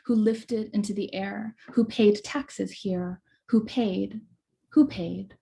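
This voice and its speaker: Woman poet, mellow measured recitation. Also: mid-range voice, fairly even intonation, vocal fry. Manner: measured, rhythmic recitation with soft hesitant asides. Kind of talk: poetry reading over video call. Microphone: video call.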